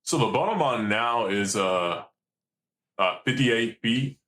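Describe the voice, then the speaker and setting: A man, a commercial fisherman, telling stories in a casual, animated and profane way. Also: mid-range voice, slow. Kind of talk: casual storytelling.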